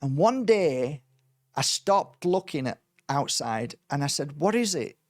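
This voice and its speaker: A man's voice: on the high side, measured pace, dry recording, clean studio sound. Man telling a story. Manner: animated, acts out quoted dialogue. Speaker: spiritual teacher. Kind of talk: casual storytelling.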